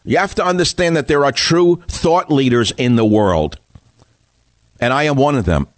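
A man's voice: medium pitch, no echo, studio quality. A man hosting a radio talk show, delivering an indignant monologue full of rhetorical questions.

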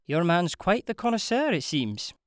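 A woman's voice: fairly low pitch, sing-song, normal speed, no room sound, pitched above the performer's own voice. Narrator voicing a young woman, Glaswegian Scottish accent, musical brogue, teasing, blunt, dry close sound. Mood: frank, teasing. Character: sharp, frank young Glaswegian stripper woman.

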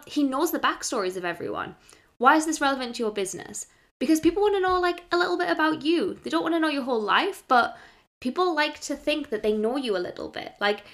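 A woman's voice: fairly high pitch, a bit bright. A woman, hosting a casual solo podcast in a chatty, rambling way full of "like"s. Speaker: podcast host, brand strategist.

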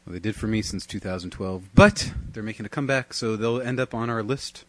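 Low-voiced man cracking crude jokes. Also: fairly quick, a bit bright, no echo. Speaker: podcast co-host. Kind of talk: casual chat.

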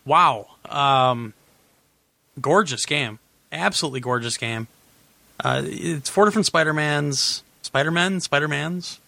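Bright-voiced man chatting on a podcast. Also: mid-range voice, expressive, a little slow, gravelly, pauses often, no room sound. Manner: rambling, self-correcting, laughs often. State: losing his voice. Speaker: podcast host. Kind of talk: casual gaming podcast chat.

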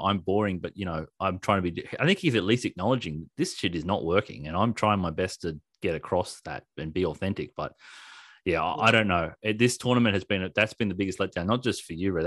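A man co-hosting a casual wrestling podcast, talking in an animated, sarcastic way and laughing often. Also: low-pitched, fast, no room sound, studio quality. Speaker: podcast co-host.

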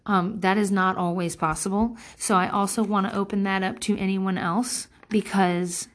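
A woman in her thirties talking casually to camera, blunt and profane, giving advice while she vents about passive-aggressive people. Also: normal speed. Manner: blunt and profane, with sarcastic impressions of others; animated, swinging between loud outbursts and low mutters.

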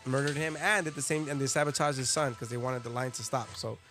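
A man's voice: mid-range voice, fairly even intonation, quick pace, a bit bright, soft background music. A man hosting a casual podcast, telling a story full of swearing and asides. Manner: profane storytelling, lots of swearing and laughing. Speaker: podcast host.

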